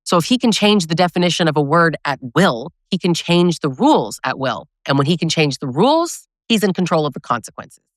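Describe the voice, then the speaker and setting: Woman, low pitch, emphatic, coaching, direct address, dry recording. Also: very animated, a little fast, no room sound. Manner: emphatic, keeps adding "right?". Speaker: abusive relationship educator. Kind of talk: direct-to-camera talk.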